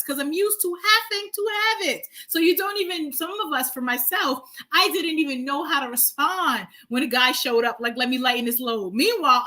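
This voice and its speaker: New York woman guest, high bright voice, lively storyteller acting out quotes. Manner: animated storyteller, acts out quotes. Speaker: guest author. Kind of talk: casual conversation.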